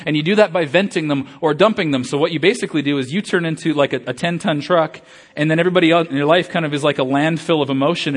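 A middle-aged man, a pastor, giving an earnest, conversational sermon with self-deprecating asides and frequent fillers. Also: on the high side.

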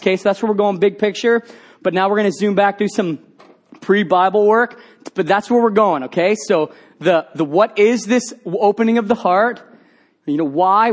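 High-voiced man preaching a sermon. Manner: energetic storytelling with quoted voices. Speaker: pastor.

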